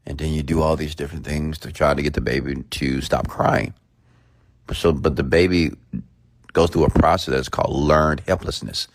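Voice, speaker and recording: A man's voice: a bass voice, fairly even intonation, normal speed, dry recording. A man giving an emphatic motivational rant full of rhetorical questions. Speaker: motivational speaker.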